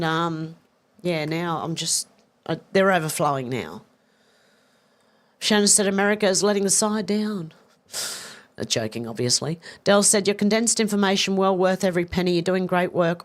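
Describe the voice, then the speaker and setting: A woman hosting a casual live stream, chatty and self-deprecating, reading viewer comments aloud and answering them with frequent laughter. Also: mid-range voice. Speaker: livestream news host reading viewer comments.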